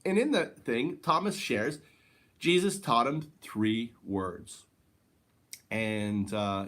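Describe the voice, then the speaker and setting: A man's voice: medium pitch, slow pace, fairly bright tone. A man giving a rambling spiritual monologue, swearing and correcting himself as he goes. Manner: rambling, profane, self-correcting. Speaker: spiritual teacher.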